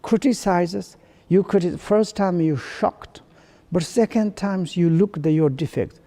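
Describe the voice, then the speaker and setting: A man teaching Buddhist dharma to his students in broken, halting English, restarting his phrases as he reflects with quiet humor. His voice sits slightly high, with a gravelly, creaky edge and a warm, mellow tone. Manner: halting non-native English with many restarts.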